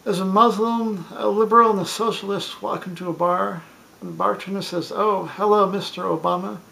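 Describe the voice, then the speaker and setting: A man's voice: sits high, steady tone, brisk, gravelly, bright, forceful tone, poor audio. A man reading a string of clean bar jokes in a plain storytelling way, with small stumbles and restarts. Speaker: joke teller.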